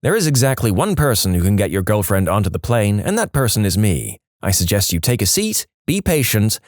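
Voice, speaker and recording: A man's voice: fairly low pitch, big pitch swings, brisk, no room sound, clean studio sound. A man voicing a firm, unflappable gate agent woman. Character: firm, calm female airline gate agent.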